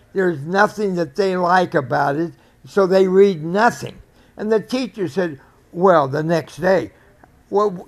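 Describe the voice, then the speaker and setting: A man's voice: fairly high pitch, creaky. A man in his eighties hosting a podcast, talking in a rambling, earnest way and often correcting himself. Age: 80s. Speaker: podcast host. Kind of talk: casual storytelling monologue.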